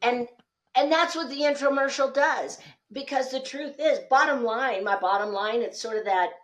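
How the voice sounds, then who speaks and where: A woman with a fairly high voice guesting on a podcast as a speaking coach. She tells lively stories and acts out the dialogue as she goes. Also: moderate pace. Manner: animated storyteller, acts out quoted dialogue.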